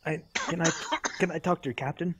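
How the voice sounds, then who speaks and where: A man playing a tabletop game, wry and quick to laugh. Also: fairly high pitch, fairly even intonation, fairly bright tone, husky, dry recording. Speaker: player. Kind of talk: casual tabletop play.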